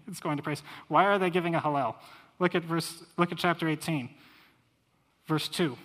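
Missionary guy preaching, earnest, gets loud reading scripture, long echo in the hall. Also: fairly high pitch, normal speed, pauses often. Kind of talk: sermon.

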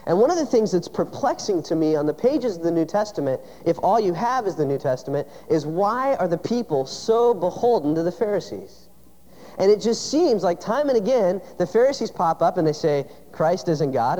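A man's voice: high voice, mellow. A man preaching a sermon, telling a personal story in a conversational way with rhetorical questions. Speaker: pastor. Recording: dull sound with long hall reverb.

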